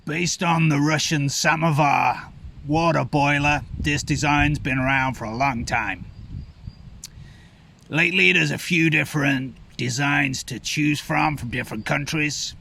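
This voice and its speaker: A man doing gravelly old Rusty, slow and gruff. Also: fairly high pitch, sharp tone, a little hiss or hum, exaggerated voice, low-quality recording. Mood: drawling. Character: grizzled old male wilderness wanderer, folksy and gruff. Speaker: bushcraft gear presenter. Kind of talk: folksy character presentation. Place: outdoors by a campfire.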